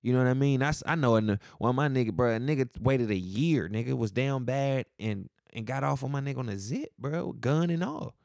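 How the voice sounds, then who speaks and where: A man talks in a loose, profane rant full of slang. His voice sits at an ordinary middle pitch, and he hits his points hard. The recording is dry and close. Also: brisk, creaky, hardly any pauses, darkish tone, dry recording. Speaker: real estate agent and podcast host. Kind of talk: casual podcast rant.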